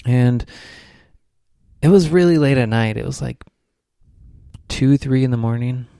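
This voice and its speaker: A man's voice: mid-range voice, a little slow, creaky, dark tone, smooth. A young man, a podcast co-host, telling a rambling spiritual story in casual chat, full of "like"s.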